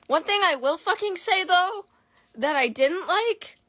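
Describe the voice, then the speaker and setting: A woman's voice: extremely high pitch, expressive, slow pace, sharp tone, no room sound. A woman in a late-night casual vlog, rambling emotionally and swearing freely into her phone camera. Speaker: content creator.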